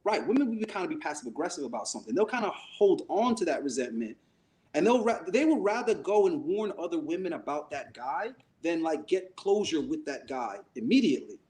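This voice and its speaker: A man's voice: fairly high pitch, sing-song, a little fast, a little mellow. A man co-hosting a podcast, telling a story in casual chat, acting out the voices he quotes and swearing freely. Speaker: podcast co-host.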